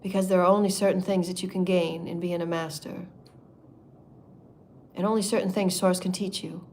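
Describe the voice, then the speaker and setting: A woman leading a spiritual meditation in a sermon style, impassioned and repetitive, moving between soft murmurs and loud declarations. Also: fairly low pitch, fairly even intonation, normal speed, slight background noise. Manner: repetitive, chant-like phrasing. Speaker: spiritual channeler.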